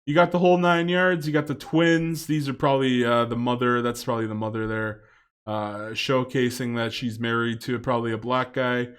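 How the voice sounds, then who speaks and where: A man's voice: medium pitch, flat delivery, moderate pace, clear, resonant tone. A man giving a casual, rambling video commentary, with many fillers and chuckling asides.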